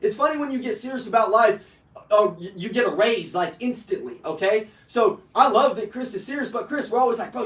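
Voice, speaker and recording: High-voiced, brash male sales coach. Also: reverberant, recorded from a distance, low-quality recording. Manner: brash, profane, fired-up coaching, bursts into shouting. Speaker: sales trainer. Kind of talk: live motivational sales training. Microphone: online video call.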